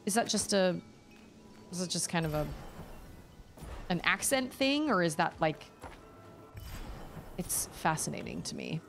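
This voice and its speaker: Young woman, casual game stream chatter, lowish voice, soft music in the background. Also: expressive, unhurried, creaky, long pauses. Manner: chatty, musing aloud, reading chat. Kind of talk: casual gameplay commentary.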